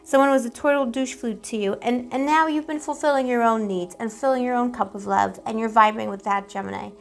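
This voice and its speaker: A woman's voice: on the high side, steady tone, fairly quick, gravelly. A woman giving a casual, rambling tarot reading to the camera, playful and affectionate, full of pet names and giggles. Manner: giggly, self-teasing. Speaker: tarot reader.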